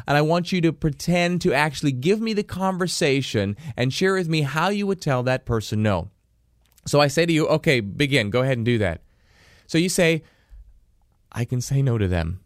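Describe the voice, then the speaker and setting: A man giving a motivational self-help lesson, animated and quizzing the listener with questions. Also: medium pitch, brisk, no echo, studio quality. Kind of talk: motivational teaching talk.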